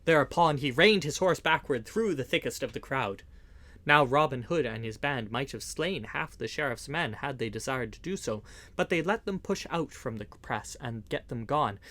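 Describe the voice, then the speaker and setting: A man narrating an old-fashioned adventure story, reading it aloud in a measured, expressive way. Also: mid-range voice. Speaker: audiobook reader.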